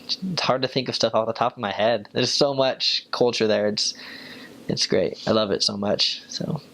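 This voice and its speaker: A young man, a returned missionary, telling stories in a relaxed, casual way, with lots of fillers, and jumping up in pitch when he quotes people. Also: moderate pace. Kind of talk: casual storytelling.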